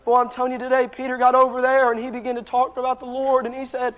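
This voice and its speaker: A male preacher delivering a sermon in a strikingly high, strained voice that stays on a narrow band of notes. His delivery is fervent and impassioned as he addresses the congregation. The sound carries a long reverb from a large church hall. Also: monotone, quick pace, hardly any pauses, fairly bright tone.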